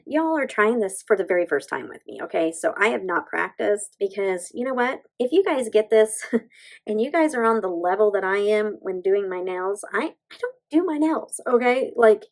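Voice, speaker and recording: A woman's voice: mid-range voice, gravelly, darkish tone, low-quality recording. A woman, chatting casually through a nail stamping tutorial and gushing to her viewers as she works. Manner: bubbly, gushing, talks to viewers as "you guys". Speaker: beauty vlogger.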